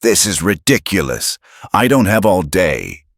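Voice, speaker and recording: A man's voice: sits low, sing-song, a little slow, a bit bright, no echo, clean studio sound, voice pushed up, full character voice. A man voicing an arrogant male customer who barks and sneers with contempt. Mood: contemptuous. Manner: sneering, barking.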